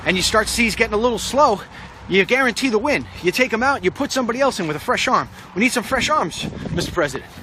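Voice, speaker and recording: A middle-aged political vlogger, his voice sitting high and sounding pushed and bright, does a walk-and-talk outdoors on a street. A handheld phone records it with a little hiss or hum as he rambles confidently and talks straight to the president.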